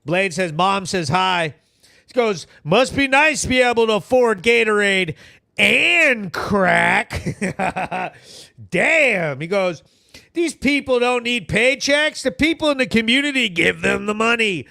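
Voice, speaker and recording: A man with a New England accent hosting a live stream, ranting loudly and profanely, mocking people and acting out what they said. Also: sits high, expressive, slow pace, gravelly, no room sound, studio quality. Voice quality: loud, profane, mocking and theatrical. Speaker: livestream host.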